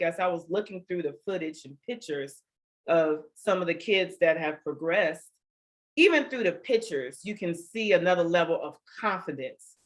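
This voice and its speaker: An interviewer and board member who speaks in an upbeat, emphatic way, laughing easily and affirming the guest. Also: mid-range voice. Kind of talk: conversational interview.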